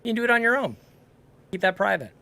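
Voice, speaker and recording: A man's voice: high-pitched, expressive, fast talker, gravelly, pushed and bright. A man hosting a gaming podcast, joking around in casual, playful banter with a co-host.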